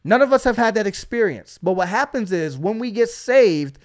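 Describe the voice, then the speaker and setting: Male preacher-host, high voice, emphatic exhorting delivery with lots of call-outs. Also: animated, moderate pace. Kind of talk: energetic preaching.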